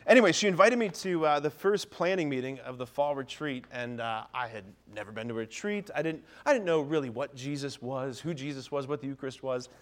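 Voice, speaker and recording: A man's voice: mid-range voice, animated, fairly quick, hardly any pauses. A man in his thirties from Ohio, a priest giving a humorous talk to parents and telling self-deprecating stories. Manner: self-deprecating storyteller, keeps asking "right?". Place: parish hall or church.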